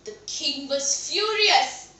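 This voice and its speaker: A young woman telling a folk story aloud, acting out the characters with loud exclamations. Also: high voice, expressive, takes it slowly. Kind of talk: storytelling narration. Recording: echoey room, voice a bit far from mic.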